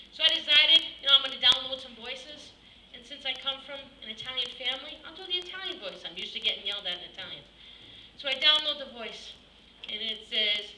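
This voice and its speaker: A woman's voice: sits high, fairly quick, bright, forceful tone. A woman doing a stand-up comedy set, brash and working the crowd on stage in a comedy club. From Massachusetts. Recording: echoey room from far off, noisy. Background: club audience.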